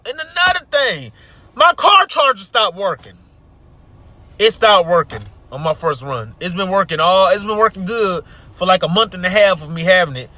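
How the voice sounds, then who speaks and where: A man, venting in a story time vlog, swinging between loud outbursts and low mutters, recorded in a car. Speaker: vlogger.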